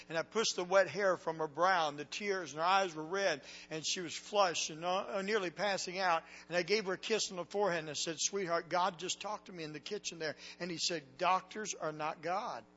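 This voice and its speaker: A man preaching a sermon, telling a story with dramatic swings from hushed tones to loud cries. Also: high-pitched, big-room sound. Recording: dull lo-fi recording with faint hum.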